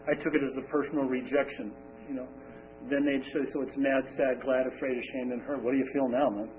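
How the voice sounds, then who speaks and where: A man talks through his recovery story at a support meeting, rambling and conversational, with lots of fillers and restarts. His voice sits at an ordinary middle pitch. He is heard from across the room on a thin, phone-like recording with a faint hum behind him. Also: little pitch movement, a little fast, recorded from a distance. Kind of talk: personal recovery talk.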